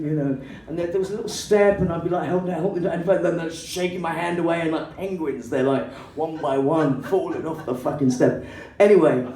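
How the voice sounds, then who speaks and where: English woman doing stand-up, swears a lot, excited, voice swoops all over, sounds far off in an echoey room. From England. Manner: excitable, swearing, acting out characters in shrill put-on voices. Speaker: stand-up comedian. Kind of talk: stand-up comedy storytelling. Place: comedy club stage. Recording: roomy hall, voice from a distance, faint background noise.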